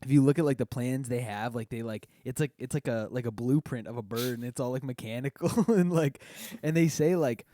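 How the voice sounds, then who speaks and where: A man hosts a casual podcast, laughing as he goes and stringing thoughts together with many fillers. His pitch sits in the middle for a man. The sound is dry and close to the mic. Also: fairly quick, dark tone, no room sound. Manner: giggly, rambling with many fillers. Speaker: podcast host.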